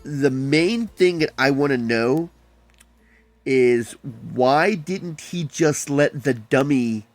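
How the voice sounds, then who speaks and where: A man's voice: mid-range voice, takes it slowly, soft background music. A man casually reviewing an old comic book, reading panels aloud and adding wry comments.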